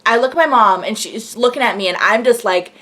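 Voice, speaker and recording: A young woman vlogger telling an excited story in a gushing, breathless way, full of fillers. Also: fairly high pitch, a little fast.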